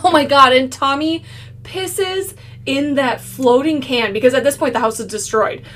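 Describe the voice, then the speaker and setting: Giggly high-voiced woman co-host. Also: normal speed, a bit bright. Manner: crude, swears, giggly. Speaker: podcast co-host. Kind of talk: casual film recap chat.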